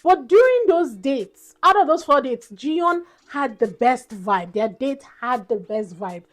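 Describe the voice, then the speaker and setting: A woman's voice: high-pitched, lively intonation, a little slow. A young woman giving a casual, exasperated recap of a dating show, with laughing asides. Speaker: reality show reviewer.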